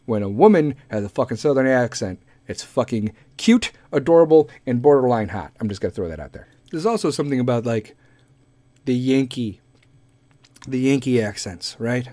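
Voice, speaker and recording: A man's voice: mid-range voice, lively intonation, moderate pace, dark tone, no room sound. A man hosting a podcast, delivering a crude, rambling comedic monologue and laughing often. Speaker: podcast host.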